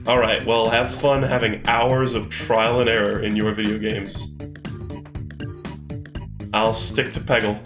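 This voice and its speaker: A man's voice: fairly low pitch, little pitch movement, unhurried, long pauses, over music. A man streaming games live, chatting, thinking aloud and swearing casually as he plays. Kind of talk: live game-stream commentary. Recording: echoey room.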